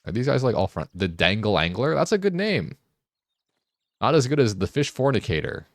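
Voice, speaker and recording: Very deep-voiced joking male streamer. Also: fast, no echo, clean studio sound. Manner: joking and playful, often laughing; gets excited and rambling when riffing. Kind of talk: casual live-stream chat while gaming.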